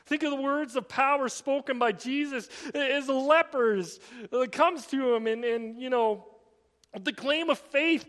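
A man preaching a sermon, swinging between emphatic raised passages and quiet, drawn-out emphasis. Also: very high-pitched, long reverb tail. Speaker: pastor.

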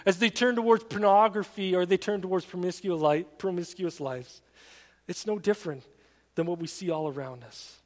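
A man with a high voice delivers a sermon as a pastor, telling stories in an earnest, conversational way. He speaks inside a church sanctuary. His voice trails off into the long reverb of a big hall. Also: normal speed. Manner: conversational, earnest storytelling preacher.

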